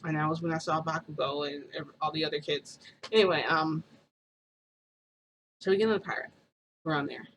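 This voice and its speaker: A woman's voice: deep voice, fairly even intonation, a little fast, pauses often, fairly bright tone, slight background noise, low-quality recording. A woman vlogger casually telling a first-person story, rambling and full of "like" fillers.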